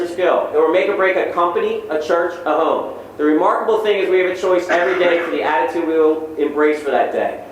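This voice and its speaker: A middle-aged man with a fairly high voice gives an energetic motivational lecture to students. He fires off punchy lines and keeps checking in with "okay?" His voice bounces around a big hall and sounds far from the mic, over a faint hum of room noise. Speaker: motivational speaker. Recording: very echoey hall, distant mic.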